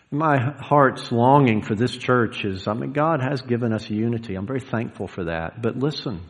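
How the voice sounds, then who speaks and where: A man preaching a sermon as pastor, earnest, swinging between loud declarations and hushed words. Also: mid-range voice, normal speed, few pauses. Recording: hall reverb.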